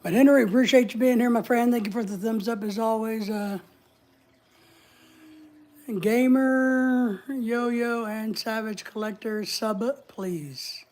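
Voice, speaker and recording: A woman's voice: a little high, slow, a little mellow. A woman hosting a casual livestream, chatting in a rambling way and reading viewer comments aloud. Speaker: livestream host.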